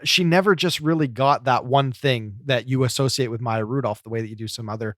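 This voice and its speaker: A man's voice: mid-range voice, a little fast, a bit bright, no echo, clean studio sound. A man co-hosting a podcast, chatting casually and analytically about a comedy show, with plenty of fillers. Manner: talkative, analytical, many fillers. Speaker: podcast co-host.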